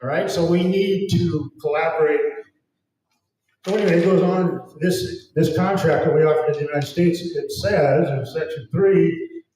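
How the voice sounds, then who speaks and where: A man's voice: on the high side, moderate pace, darkish tone. Fervent man lecturing in an echoey hall. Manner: fervent, emphatic, preachy. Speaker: event speaker. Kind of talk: impassioned public lecture. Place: event hall. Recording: very echoey hall, distant mic.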